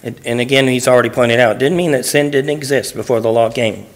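A man's voice: medium pitch, brisk. Pastor guy doing a bible study in church, reads a verse then talks it through, easygoing. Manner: reads scripture aloud and explains it phrase by phrase; plain, conversational teaching with restarts.

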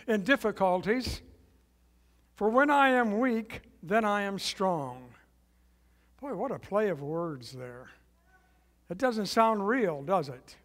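A man preaching a sermon as guest pastor, leading the congregation in call and response with slow, emphatic repetition. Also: sits high, in a large hall. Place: church sanctuary.

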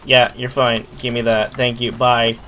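Slow chatty guy muttering through a game stream, bit of background noise. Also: mid-range voice, level tone, bright, forceful tone. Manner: muttering, chatty, swears when surprised. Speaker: streamer playing a video game. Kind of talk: casual gameplay commentary.

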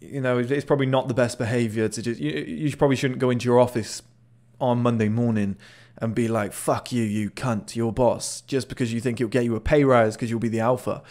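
A man's voice: mid-range voice, fairly even intonation, quick pace, a little mellow. A man casually commenting on a video clip, chatty and swearing now and then, often repeating words as he restarts. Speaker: body language analyst.

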